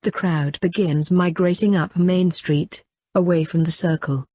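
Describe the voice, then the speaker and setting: Low, husky woman narrating an audiobook. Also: unhurried, dry recording, studio quality. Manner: steady, even first-person reading. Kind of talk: scripted narration.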